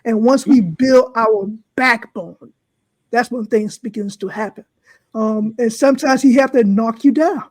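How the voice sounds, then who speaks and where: A woman's voice: fairly high pitch, measured pace, no echo. A woman life coach talking fervently in a preaching style on a podcast, checking in with "right?". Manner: fervent, repeats "right?" to the listeners.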